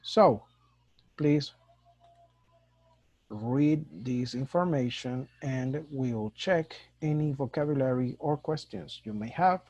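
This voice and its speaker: Slow-talking male teacher. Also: mid-range voice, a little mellow, no echo. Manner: slow, mixes Spanish and English explanations. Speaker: English teacher. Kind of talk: recorded online lesson. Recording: dull dry lo-fi recording.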